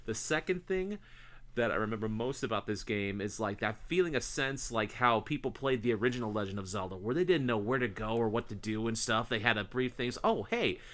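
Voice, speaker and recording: A man's voice: fairly low pitch, a little fast. Rambling, cursing podcast co-host man. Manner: rambling, swears freely, excitable storytelling. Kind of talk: casual chat.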